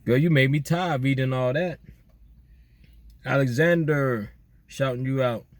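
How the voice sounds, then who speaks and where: A man chatting casually outdoors at night, giving relaxed, slangy shout-outs to his listeners. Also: medium pitch, measured pace, dry recording. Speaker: vlogger doing viewer shout-outs. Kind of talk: casual chat.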